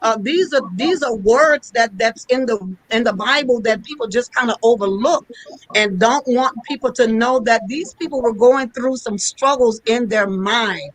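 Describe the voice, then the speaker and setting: A woman's voice: a little high, moderate pace, dry recording, poor audio. Woman apostle with a preacher's delivery. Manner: emphatic, sermon-like delivery. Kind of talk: preaching discussion.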